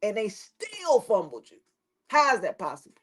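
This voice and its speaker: A woman giving a casual tarot reading to the camera, blunt and preachy, swearing freely and dropping her voice low at times. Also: huge pitch swings, normal speed, a bit bright. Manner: preachy, blunt and profane, with loose slangy phrasing; drops into a lower tone at times. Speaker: tarot reader.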